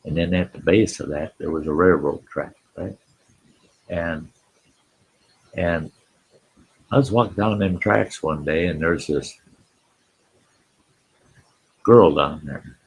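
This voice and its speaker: A man's voice: low voice, slow pace, creaky, pauses often, husky, poor audio. A man hosting a live stream, telling a rambling folksy story and greeting people in the chat.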